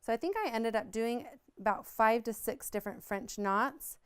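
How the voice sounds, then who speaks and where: A woman's voice: on the high side, expressive, normal speed, smooth. A woman explaining embroidery stitches step by step in a friendly hands-on craft tutorial. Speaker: embroidery instructor.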